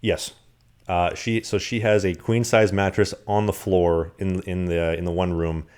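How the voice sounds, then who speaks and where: A man co-hosting a podcast, telling rambling, animated stories in casual chat. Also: sits low, measured pace, clear, resonant tone. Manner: animated, rambling anecdotes with acted-out quotes. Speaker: podcast co-host. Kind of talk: casual storytelling.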